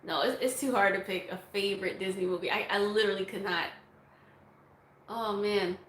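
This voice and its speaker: A woman's voice: mid-range voice, normal speed, a bit bright, echoey room, a little hiss or hum, poor audio. A woman vlogger answering viewer questions in a casual, chatty way, laughing often. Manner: chatty, laughs often, breaks into song snippets. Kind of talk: casual Q&A chat.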